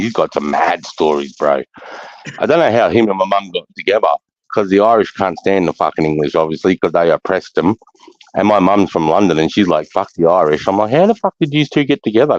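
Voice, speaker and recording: A man's voice: deep voice, no room sound. A man in casual chat, rambling through stories with heavy swearing. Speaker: voice chat member. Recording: dull lo-fi dry sound.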